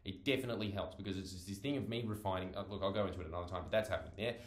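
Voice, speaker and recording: A man's voice: low-pitched, rapid-fire, reverberant. Rambling, profane man. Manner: rambling, profane, self-interrupting. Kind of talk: casual monologue.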